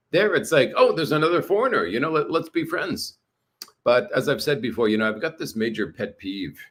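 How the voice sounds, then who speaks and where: A man's voice: lowish voice, fairly bright tone. A man from Canada talking casually to viewers, ranting with a lot of profanity and repeating himself. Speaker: vlogger. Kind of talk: casual livestream rant.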